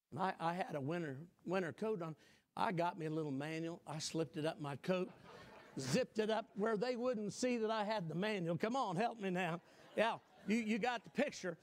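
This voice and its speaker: An older man with a high voice preaches a sermon, telling a folksy personal story and building to shouted emphasis.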